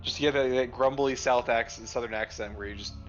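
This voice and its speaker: Fast-talking rambling male player. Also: mid-range voice, fairly even intonation, muffled recording, soft background music. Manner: rambling, self-interrupting. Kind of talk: casual chat.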